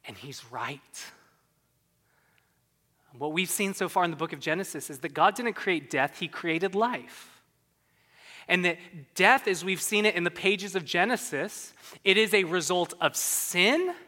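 A pastor delivers an earnest, conversational sermon, full of quick asides and repeated restarts. The voice is bright and forceful. A long reverb from a large sanctuary hangs behind each phrase. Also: mid-range voice.

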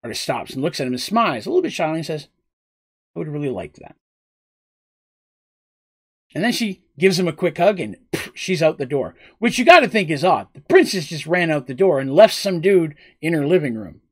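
A man casually retelling a tabletop game story on a live stream, chatty and animated, with asides to his chat. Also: fairly high pitch, quick pace, slightly rough.

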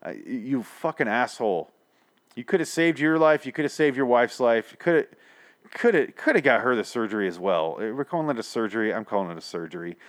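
A man's voice: mid-range voice, expressive, a little fast. A tired man hosting a podcast, ranting about an episode in a rambling, profane, exasperated way. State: tired late at night. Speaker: podcast host. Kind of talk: casual podcast review rant.

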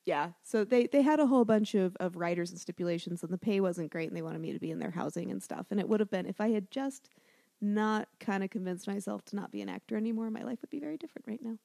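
A woman's voice: mid-range voice, fast, vocal fry, warm tone, no room sound, studio quality. A woman co-hosting a podcast in a casual, chatty way, often laughing and bragging playfully. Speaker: podcast co-host. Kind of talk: casual chat.

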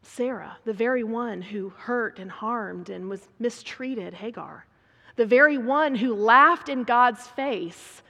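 Slow gravelly lady preaching a sermon, big echoey hall, goes from whispers to loud. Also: a little high. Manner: dramatic, swings between hushed whispers and loud emphasis. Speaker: speaker preaching to a women's gathering. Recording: long reverb of a large hall.

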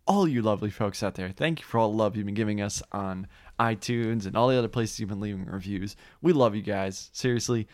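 A man's voice: lowish voice, brisk, no echo, studio quality. A man co-hosting a casual music podcast, laid-back and laughing often. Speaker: podcast co-host. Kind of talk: casual chat.

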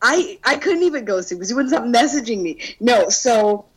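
A young woman with a slightly high voice tells a story in casual podcast chat. She is animated, swears a lot and keeps laughing mid-sentence. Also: moderate pace, breathy edge, low-quality recording. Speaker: podcast co-host telling a dating story.

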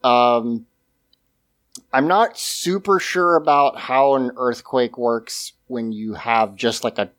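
Dude slowly rambling through an episode recap, keeps laughing, swears casually. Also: male voice, medium pitch, fairly bright tone. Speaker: podcast co-host.

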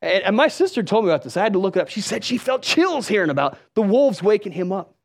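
A man preaching a sermon, telling stories with lively delivery and calling out questions to the congregation. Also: sits high, fast. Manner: storytelling, animated, calls out to the crowd.

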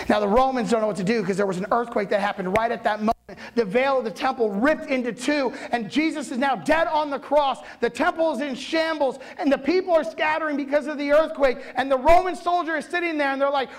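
A man preaching, retelling a story with dramatic swings from hushed lines to shouts and speaking straight to his listeners. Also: very high-pitched, brisk. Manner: addresses listeners directly. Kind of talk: sermon storytelling.

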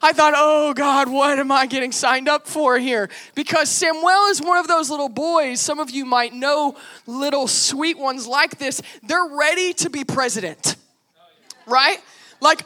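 Animated high-voiced woman preaching. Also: unhurried. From United States. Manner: animated, acts out quotes. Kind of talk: sermon storytelling.

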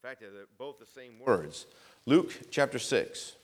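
A man preaching a sermon, repeating phrases for emphasis and swinging between loud emphatic lines and quiet asides. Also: mid-range voice, expressive, measured pace. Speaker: pastor.

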